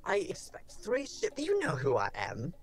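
A man voicing a rude, stingy resort guest with a low drawl. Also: huge pitch swings, normal speed, vocal fry, faint music behind, heavily acted. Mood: snide.

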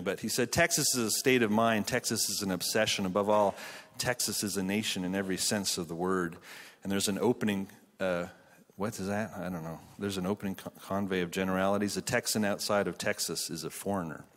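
A man's voice: fairly low pitch, fairly bright tone. A man in his thirties giving a humorous conference sermon. He tells jokey family stories and then turns to earnest Bible teaching, speaking in a conference hall.

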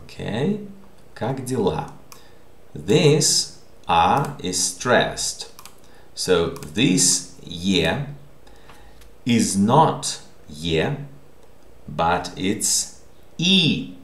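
A man teaching a language lesson, repeating words slowly and checking in with the listener. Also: deep voice, big pitch swings. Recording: echoey room.

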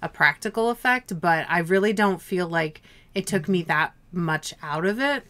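Chatty bright-voiced woman reviewing films. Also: fairly low pitch, moderate pace. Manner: chatty, animated, swears casually. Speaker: movie review co-host. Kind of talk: casual chat.

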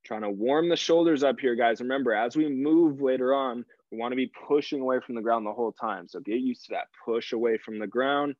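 A man's voice: mid-range voice, a little fast, hardly any pauses, darkish tone, no echo. Upbeat male fitness coach, dry dull audio. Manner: upbeat coaching cues, encouraging. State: slightly out of breath. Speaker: fitness instructor. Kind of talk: live online workout class.

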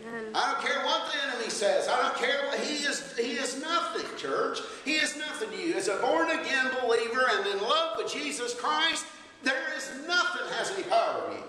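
A man in his fifties delivers a sermon in a high, bright voice, talking in a folksy, conversational way with laughing asides. He is picked up from a distance, and his voice rings around a large church hall with a long reverb. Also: big pitch swings, brisk. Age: 50s. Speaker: pastor. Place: church sanctuary. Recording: roomy church hall from far off.

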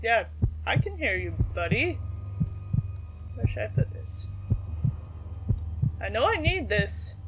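A young woman streams a horror game, chatting casually and reacting aloud to each action, with faint game music behind her. Her fairly high voice swings widely in pitch, moving slowly with long pauses. The recording is very noisy.

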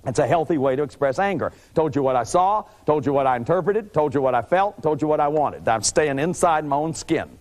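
A man in his fifties giving a lively lecture, acting out little scenes and restarting sentences with repeated words. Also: fairly high pitch, a little fast, hardly any pauses. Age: 50s. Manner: animated, acts out little scenes with sudden shouts and growls. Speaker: lecturer on family therapy.

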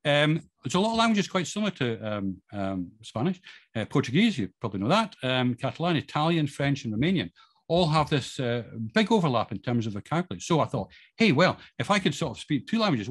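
Man, Scottish accent, middle-aged, quick pace, chatty audience talk, rambling with ums, self-deprecating. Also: medium pitch, a bit bright. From Scotland. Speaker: guest speaker. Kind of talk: informal talk to an audience with slides.

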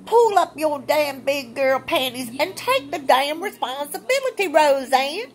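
A woman with a high voice vents to her viewers. She is blunt and heated and swears freely, in a casual opinion rant. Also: lively intonation, measured pace. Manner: blunt, profane, fired-up. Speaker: vlogger.

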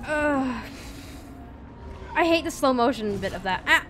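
A woman gives casual commentary on a video game in a high voice. She is goofy and playful and often shouts spell names. Faint music plays behind her. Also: animated, a little slow. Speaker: gaming streamer.

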